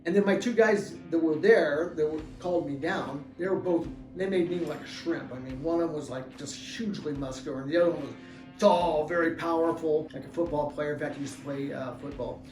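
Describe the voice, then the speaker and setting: A man's voice: on the high side, brisk. Middle aged guy spinning a yarn, chuckling, mic kinda far, faint music under. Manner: animated, chuckling storyteller. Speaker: author and former deputy. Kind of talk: telling a personal story. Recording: roomy room, distant mic, faint music.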